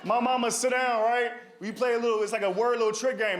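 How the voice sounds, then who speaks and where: A man's voice: very high voice, steady tone, quick pace. A male stand-up comedian telling a story to a live audience in a conversational way, often tagging lines with "right?". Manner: conversational, leans on "right?" and "dog". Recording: live show with audience noise.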